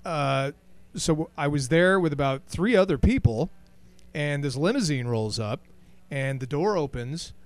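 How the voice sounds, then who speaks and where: A man co-hosting a casual chat, telling stories in an animated way and acting out his own starstruck reactions. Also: on the high side, a little slow, no room sound. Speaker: radio show co-host.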